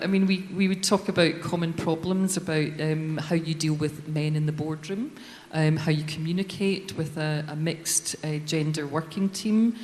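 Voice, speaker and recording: A woman's voice: low-pitched, fairly even intonation, normal speed, few pauses, a little mellow. A woman speaking as a panellist in a debate, assured but often hesitating. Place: large hall. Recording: long hall reverb.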